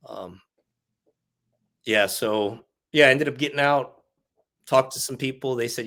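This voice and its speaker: A man's voice: medium pitch, fairly even intonation, moderate pace, a bit bright. Frank, cursing veteran man telling his story. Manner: frank and profane, laughs through hard stories. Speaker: podcast guest, army veteran. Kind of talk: candid interview storytelling.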